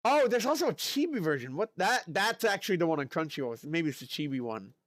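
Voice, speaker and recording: Chatty streamer guy reading chat, higher voice, lots of ums and likes, bouncy delivery. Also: fast talker, no room sound, studio quality. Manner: chatty, excitable, lots of fillers and exclamations. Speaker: live streamer. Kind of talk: casual live-stream chat, reading chat messages.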